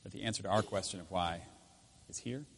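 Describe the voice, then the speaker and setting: A man preaching a sermon as pastor in a church, swinging between loud emphatic lines and quiet intense ones. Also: deep voice, brisk, gravelly, slight background noise. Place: church with speakers.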